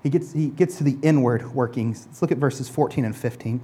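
A pastor delivering a sermon in a relaxed, conversational way, with a voice that sits in a middle pitch. The speech often stumbles into restarts and doubled words. Now and then the pastor slips into mock voices to act out the excuses people make. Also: fairly quick.

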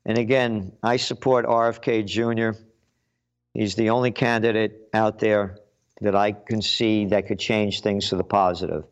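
A man hosts his own show in a blunt, combative commentary monologue, hammering his points with emphatic force. His voice sits fairly low, and the muffled lo-fi recording dulls it. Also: flat delivery, unhurried, clear, resonant tone. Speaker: show host.

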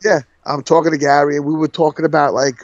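A podcast co-host chats casually, his fairly high voice quick and level as he rambles, swears, and laughs through his stories. The recording is dry, dull, and lo-fi.

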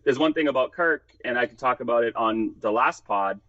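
A man chatting as a podcast guest, rambling through animated stories and slipping into the voices of people he quotes. His voice sits at an ordinary pitch. The sound is dry and a little dull, like a lo-fi recording. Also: a little fast, no room sound. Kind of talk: casual podcast storytelling.

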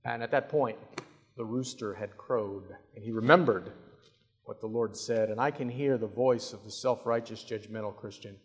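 A male preacher delivering a sermon, telling the story dramatically and swinging between hushed and loud passages. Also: lowish voice, normal speed. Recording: long hall reverb.

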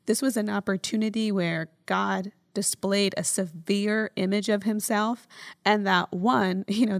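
A woman's voice: mid-range voice, no echo, clean studio sound. A woman hosting a faith podcast, reflecting aloud and thinking through her reactions with lots of fillers. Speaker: podcast host. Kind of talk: casual podcast conversation.

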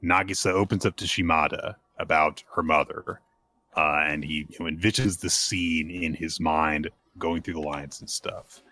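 A man's voice: very deep voice, moderate pace. A man co-hosting a podcast, casually recapping manga chapters and acting out characters' lines as he goes. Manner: animated retelling, voices characters' lines. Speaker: podcast co-host.

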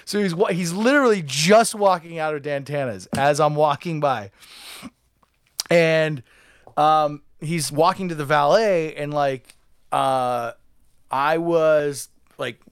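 A man's voice: fairly high pitch, slow, clean tone, no echo, studio quality. Rambling podcast man telling a story. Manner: rambling, many "like" fillers, acts out quotes. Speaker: podcast co-host. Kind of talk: casual storytelling.

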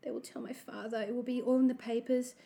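A woman narrating a children's story aloud in the first person, with an expressive, anxious telling. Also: on the high side, quick pace, creaky.

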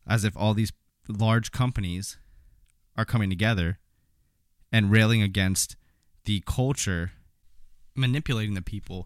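A man's voice: on the low side, no echo, studio quality. A man giving opinionated political commentary in a sarcastic, indignant, mocking manner.

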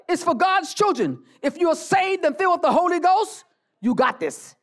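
A preacher delivering a fiery church sermon, repeating phrases, calling for the congregation to answer, and bursting into shouts. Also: extremely high pitch, very animated, normal speed.

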